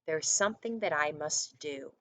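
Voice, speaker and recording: A woman's voice: deep voice, lively intonation, moderate pace, fairly bright tone. A woman voicing a friendly, earnest male frog in a storybook read-aloud, speaking politely and plainly.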